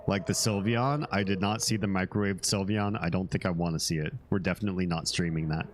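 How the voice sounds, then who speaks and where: A man's voice: sits low, steady tone, fast, hardly any pauses, a little hiss or hum. A man from Finland and the United States chatting casually while streaming a game, rambling, joking and swearing. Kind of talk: casual gameplay stream chat.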